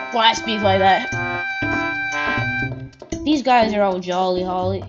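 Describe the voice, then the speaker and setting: A woman's voice: medium pitch, lively intonation, normal speed, pauses often. A woman giving let's-play commentary, thinking aloud, counting under her breath and swearing freely. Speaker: gaming channel host. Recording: slightly dull audio with loud game music.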